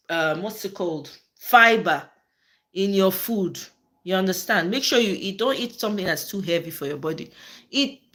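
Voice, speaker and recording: On her live political chat channel, a Nigerian-accented woman responds to viewers by name and mixes in Pidgin. She sounds bright and forceful, with a medium pitch.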